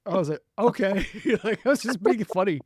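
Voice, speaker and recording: A man with a fairly high voice hosts a relaxed podcast chat. He tells stories in an animated, laughing way. The sound is dry and close. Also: fast, husky, dry recording. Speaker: podcast host. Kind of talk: casual interview chat.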